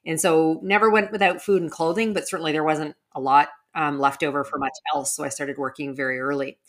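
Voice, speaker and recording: A woman's voice: low-pitched, steady tone, brisk. A middle-aged woman, a podcast guest, speaking earnestly and reflectively about her life in an interview, with frequent restarts. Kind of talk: interview conversation.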